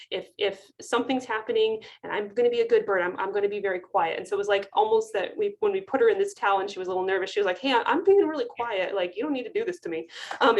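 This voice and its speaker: A woman veterinarian in her thirties talks through a webinar from a video call. She tells clinic stories in a loose, chatty way, laughing often and restarting her sentences. Her voice sits in a middle pitch. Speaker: avian veterinarian. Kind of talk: webinar talk, casual storytelling.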